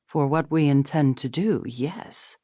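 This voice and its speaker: A woman reading the lines of a calm, steady young husband who speaks softly and evenly in an audiobook. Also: deep voice, unhurried, no room sound, studio quality, voice pushed down. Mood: firm. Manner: calm, even and soft-spoken.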